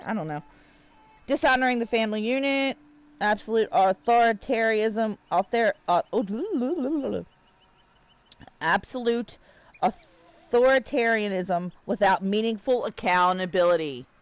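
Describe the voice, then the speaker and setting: A woman's voice: a little high, unhurried, no echo, rough recording. A woman live streaming a game, chatting casually, reading text aloud and riffing with jokes for her viewers. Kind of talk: casual livestream chat while gaming.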